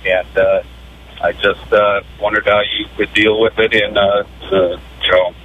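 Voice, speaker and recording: A man phones in to a radio show, halting and unsure, filling gaps with ums and uhs. His voice is on the low side. The phone line sounds dull with faint background noise. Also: flat delivery. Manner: hesitant, halting, many fillers. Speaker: radio caller. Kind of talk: phone-in call. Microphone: telephone.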